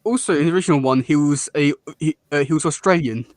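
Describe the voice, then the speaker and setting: A man's voice: fairly high pitch, quick pace, no room sound, studio quality. A man co-hosting a casual cartoon review chat; he rambles, restarts often and laughs a lot. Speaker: podcast co-host.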